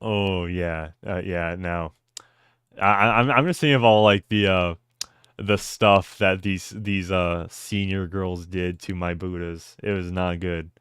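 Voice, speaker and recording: A young man hosting a podcast in casual chat, halting and stammering with many restarts. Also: low-pitched, fairly even intonation, a bit bright, smooth, no room sound, clean studio sound. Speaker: podcast host.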